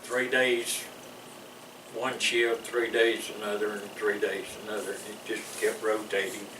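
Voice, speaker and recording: A man's voice: on the low side, flat delivery, a little slow. Older Southern man, echoey distant recording. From American South. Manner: rambling storyteller with frequent restarts and chuckles. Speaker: veteran interviewee. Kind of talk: casual oral-history recollection. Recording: echoey room, distant mic, noisy.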